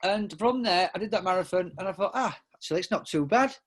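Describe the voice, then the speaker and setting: Expressive and fast-talking, this middle-aged man from England has a high voice and rambles through anecdotes as a podcast guest. The casual interview is full of his restarts, fillers, self-interruptions and frequent laughter.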